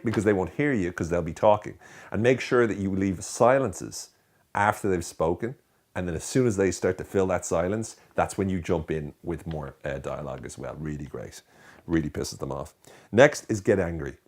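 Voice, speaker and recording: An Irish man in his thirties hosting a comedy monologue, talking in a bored, deadpan, sarcastic drawl. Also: low-pitched, moderate pace. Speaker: host.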